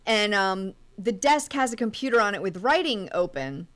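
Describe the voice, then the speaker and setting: A woman's voice: mid-range voice, very animated, moderate pace, a bit bright. A woman co-hosting a podcast, chattily recapping a movie scene by scene. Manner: chatty, recaps scenes step by step with small laughs. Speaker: podcast co-host.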